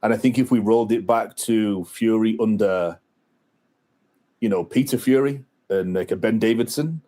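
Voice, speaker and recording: Male podcast co-host, low voice, loose rambling boxing talk, lots of "like" and "you know". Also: moderate pace, warm tone. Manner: rambling, many fillers and restarts. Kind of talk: casual boxing chat.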